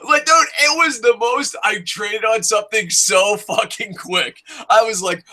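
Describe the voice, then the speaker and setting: Bright-voiced excitable man. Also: sits high, unhurried, few pauses. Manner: excitable, profane, jokey, shouts in bits. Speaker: wrestling review host. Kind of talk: casual podcast chat.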